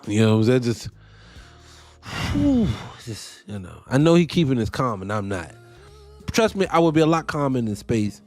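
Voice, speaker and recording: A man hosting a morning talk show, ranting in a fired-up, animated, profane way. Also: mid-range voice, moderate pace, soft background music. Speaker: host. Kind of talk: commentary rant.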